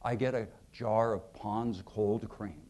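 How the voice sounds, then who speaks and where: A man doing a deep, sonorous old senator. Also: fairly even intonation, heavy background noise. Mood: grand. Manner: grand, slow and sonorous. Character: elderly male senator, deep mellifluous slow drawl. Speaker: impression of a politician in an anecdote.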